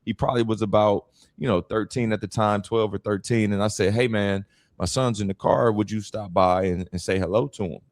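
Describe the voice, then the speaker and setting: A man in his forties answering interview questions as a guest, telling stories in an animated way and acting out other people's lines. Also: fairly low pitch, brisk, no room sound. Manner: animated storyteller, acts out quoted voices. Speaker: guest speaker and author.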